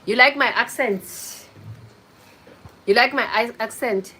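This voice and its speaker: A woman's voice: on the high side, unhurried, bright, forceful tone, a little hiss or hum, rough recording. A woman hosting a casual livestream, chatting with viewers, greeting them by name and teasing them. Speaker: livestream host. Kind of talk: casual live chat with viewers.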